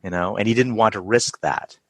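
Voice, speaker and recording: A man's voice: on the low side, fairly quick, no echo. A man hosting a podcast, asking questions and reflecting in a hesitant way with many fillers. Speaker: podcast host. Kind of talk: interview conversation.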